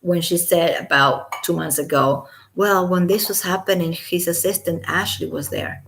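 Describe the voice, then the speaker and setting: A woman's voice: on the low side, steady tone, normal speed, vocal fry, fairly bright tone, a little hiss or hum. Sarcastic woman reading a court filing. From Los Angeles resident. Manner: sarcastic, incredulous asides, occasional whispered remarks. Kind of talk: casual commentary while reading aloud. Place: home.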